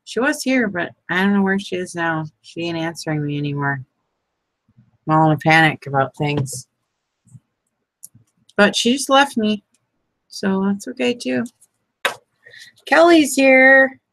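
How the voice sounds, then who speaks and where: A woman's voice: medium pitch, unhurried, pauses often, fairly bright tone, no echo, low-quality recording. A woman chatting casually to her viewers while making envelopes, laughing often and talking to them by name. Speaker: crafting vlogger. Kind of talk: casual crafting chat.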